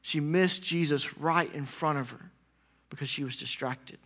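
A man preaching a sermon in a high, bright voice. He talks in a loose, conversational way full of fillers, then pushes into loud, urgent exhortation. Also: measured pace.

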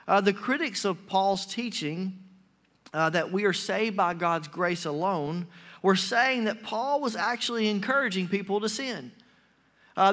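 A man with a high voice preaches a sermon. He reads scripture, then explains it emphatically, pausing often on hesitant fillers. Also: fairly bright tone.

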